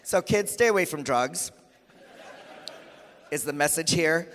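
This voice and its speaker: A man with a fairly high voice speaks a little slowly as he emcees a conference, telling comic stories stand-up style. He's animated and acts out the voices of the people he quotes. The large hall stage gives the recording an echoey reverb.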